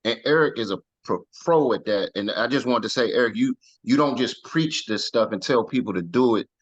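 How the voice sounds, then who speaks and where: A man's voice: mid-range voice, brisk. Male co-host, mid voice, chatty team meeting, lo-fi recording. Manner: chatty, jumps in with praise and laughter. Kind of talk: casual team meeting talk.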